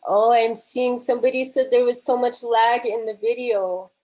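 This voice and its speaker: A woman poet speaking on a video call, soft and halting, full of pauses and fillers, openly emotional as she talks. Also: fairly high pitch, fairly even intonation, rough recording. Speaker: guest poet. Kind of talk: unscripted remarks on a video call.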